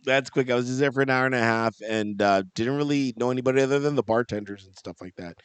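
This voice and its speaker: A man's voice: medium pitch, quick pace, smooth, no room sound. A man co-hosting a podcast, telling a rambling story in casual chat and laughing often. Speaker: podcast co-host.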